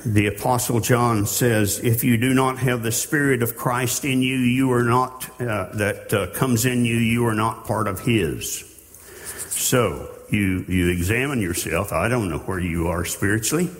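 A man preaching a sermon in a slow, earnest way, with halting restarts. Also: medium pitch. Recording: long hall reverb.

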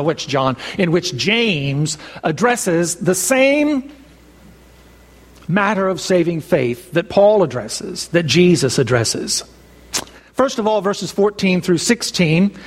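Man, pastor, high voice, preaching, long hall reverb. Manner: measured, emphatic preaching with slow stressed phrases. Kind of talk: expository sermon.

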